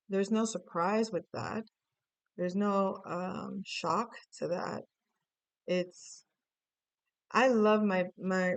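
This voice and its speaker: Slow, smooth-voiced playful woman reader. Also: medium pitch, no echo, dull audio. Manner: chatty, playful, sings snatches of song. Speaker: tarot reader. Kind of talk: casual tarot reading. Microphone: computer recording.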